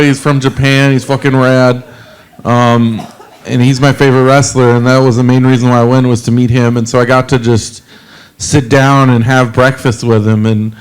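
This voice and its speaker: A man's voice: mid-range voice, background noise. Rambling, self-deprecating stand-up man. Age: 40s. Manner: rambling, self-deprecating, halting with many fillers. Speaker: stand-up comedian. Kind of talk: stand-up comedy set. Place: comedy club stage with a live audience.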